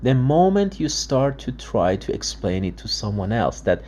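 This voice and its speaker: A man's voice: medium pitch, big pitch swings, normal speed, hardly any pauses, darkish tone, a little hiss or hum. A man speaking in an emphatic monologue, acting out dialogues and restarting his words often. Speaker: father and video blogger. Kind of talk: emotional monologue commentary.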